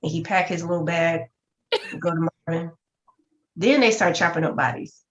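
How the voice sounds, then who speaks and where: A woman's voice: lowish voice, brisk, fairly bright tone. A woman co-hosting a casual TV recap chat, tossing in wry joking asides. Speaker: podcast co-host. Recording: muffled lo-fi audio.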